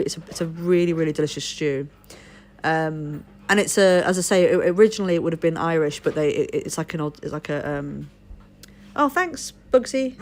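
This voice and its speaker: Chatty, low-pitched woman streamer from Liverpool. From Liverpool, England. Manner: rambling storyteller who swears casually and thanks followers mid-story. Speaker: live streamer. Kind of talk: casual chat with a live stream audience.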